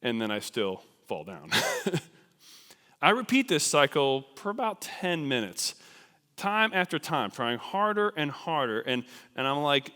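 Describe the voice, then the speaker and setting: A man with a bright, clear voice tells a personal story to a church congregation. He talks in an animated, self-deprecating way, leaning on casual fillers. His voice carries a long reverb from the large sanctuary. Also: medium pitch, measured pace. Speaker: missionary speaker. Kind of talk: storytelling sermon.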